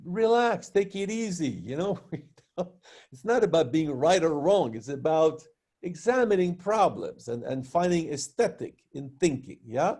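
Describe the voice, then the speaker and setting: A man with a fairly high, husky voice leads a philosophy session over a video call. His pitch swings animatedly as he teases and corrects participants bluntly, with frequent laughs. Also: lively intonation, a little slow, darkish tone. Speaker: philosophy workshop facilitator. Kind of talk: blunt live coaching.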